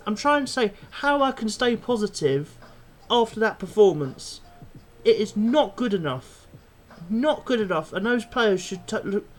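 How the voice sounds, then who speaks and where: A young man, a football fan vlogger, angrily ranting after a match and swearing bluntly. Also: high-pitched. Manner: angry, swears a lot, blunt. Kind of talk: post-match fan rant.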